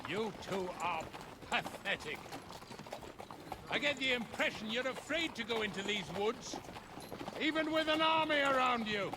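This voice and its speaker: A haughty old chamberlain. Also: male voice, very high-pitched, animated, unhurried, long pauses, noisy background. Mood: scornful. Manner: condescending, scolding. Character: haughty older court chamberlain, scornful. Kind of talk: video game cutscene acting.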